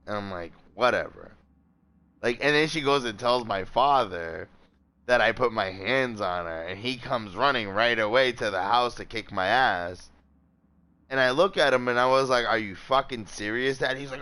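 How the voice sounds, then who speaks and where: A man's voice: medium pitch, normal speed, clean tone. Man telling a rambling profane story. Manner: animated, voices quoted people. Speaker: gaming streamer. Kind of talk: casual storytelling.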